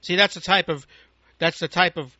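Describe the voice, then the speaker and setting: A man's voice: high voice, steady tone, moderate pace, bright, forceful tone, no room sound. An American man giving an angry, profane, rambling political rant as a talk radio host, on a dull lo-fi recording. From United States.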